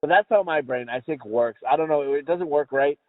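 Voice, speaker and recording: A man with a fairly high voice tells a casual comic story, swearing freely and restarting his sentences as he goes. The sound is dry and close, narrowed like a phone line. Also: fairly quick, dry recording. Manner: rambling, profane, many restarts. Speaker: podcast co-host.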